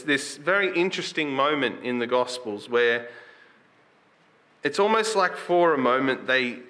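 Bright-voiced man preaching a sermon. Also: mid-range voice. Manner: conversational, asks the listeners questions; reads scripture aloud with rising emphasis.

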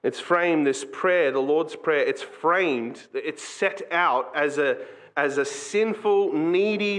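A man preaching a sermon as pastor, earnest and conversational, slipping into quick acted asides. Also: a little high, a bit bright.

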